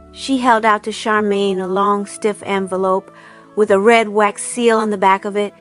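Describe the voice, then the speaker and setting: A woman narrating a storybook aloud in a calm, even storytelling manner. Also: mid-range voice, moderate pace, soft background music. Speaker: reader. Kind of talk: audiobook narration.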